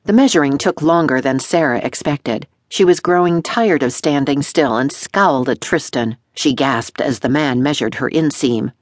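A woman narrating a historical romance audiobook in an expressive, melodic storytelling manner. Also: very deep voice, normal speed, hardly any pauses, no room sound, clean studio sound. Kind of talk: scripted narration.

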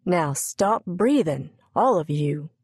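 A woman's voice: fairly low pitch, lively intonation, slow pace, a little mellow, husky, no room sound, studio quality, exaggerated voice. Woman doing a bossy old woman cook.

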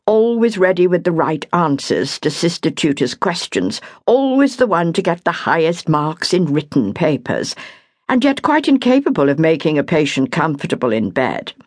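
Female audiobook narrator, lively measured delivery, dry studio sound. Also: low-pitched, no room sound. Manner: expressive, measured storytelling. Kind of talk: scripted narration.

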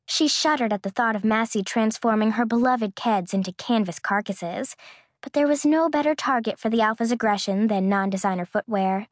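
Higher-voiced woman narrating a novel. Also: normal speed, no room sound, clean studio sound. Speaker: audiobook narrator. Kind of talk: scripted narration. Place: recording booth. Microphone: close studio mic.

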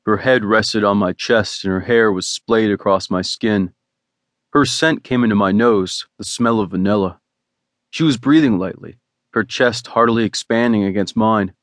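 A man narrating a first-person romance audiobook in a relaxed, wry way. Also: lowish voice, moderate pace, dry recording, clean studio sound.

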